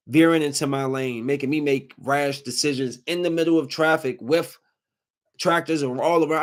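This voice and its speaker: A man hosting a podcast, ranting heatedly in casual speech, his voice climbing toward a shout as he gets angry. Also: mid-range voice. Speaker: podcast host.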